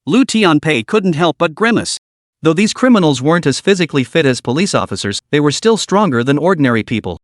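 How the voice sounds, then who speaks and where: A man narrates a story recap in a steady, even reading voice. His voice sits a little high for a man, and the recording is dry and close, with no room sound around it. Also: a little fast, no echo.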